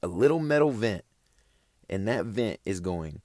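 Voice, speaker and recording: A man's voice: fairly low pitch, animated, unhurried, a little mellow, no echo. A young man casually telling a story, laid-back and slangy, rambling along with loose phrasing.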